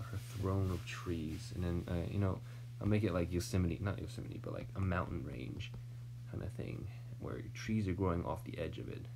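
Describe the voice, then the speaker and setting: A man's voice: low-pitched, gravelly, background noise. An American man thinking aloud while he draws, mumbling, trailing off into near-whispers and tossing in self-deprecating asides. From United States. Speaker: artist drawing on stream.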